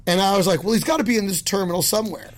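A loud, excitable middle-aged man telling animated stories as a guest, laughing as he goes. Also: high-pitched, very fast. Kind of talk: animated storytelling.

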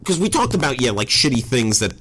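A man's voice: mid-range voice, very animated, brisk, fairly bright tone, a little hiss or hum. A man as a podcast guest, talking casually and candidly, rambling with many fillers and self-corrections. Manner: rambling, self-deprecating, frequent "like". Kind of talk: casual conversation.

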